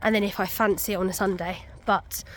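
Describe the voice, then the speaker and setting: A woman's voice: mid-range voice, steady tone, fairly quick, a little hiss or hum. A young woman, out of breath, chatting casually to camera on a muddy country walk with many ums. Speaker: vlogger. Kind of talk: casual walking vlog.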